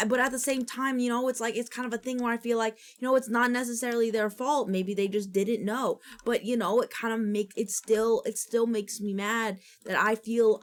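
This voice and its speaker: A woman streamer chatting casually on a live stream, rambling and frustrated, sometimes slipping into goofy baby talk. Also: on the high side.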